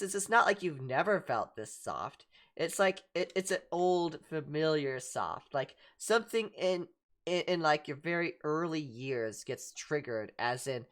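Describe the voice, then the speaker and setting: Casting: woman game master, halting narration with restarts, a low voice.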